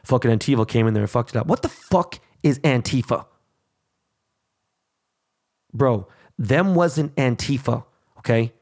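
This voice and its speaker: A man's voice: medium pitch, a little mellow. Male host, fired-up profane rant, blunt and crude, mid-range voice. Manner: angry, crude, heavy swearing. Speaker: show host.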